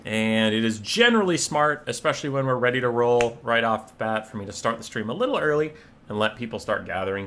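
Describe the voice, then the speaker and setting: Young male streamer, casual and foul-mouthed, with a bright, sharp tone. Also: on the low side, a little hiss or hum. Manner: animated, profane storytelling. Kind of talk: casual live-stream chat.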